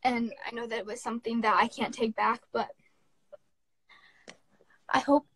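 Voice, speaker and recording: A young woman in her teens giving a halting, tearful apology on a phone live stream, full of fillers and restarts. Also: fairly high pitch, steady tone, a bit bright, breathy edge, no room sound, poor audio. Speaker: livestreamer.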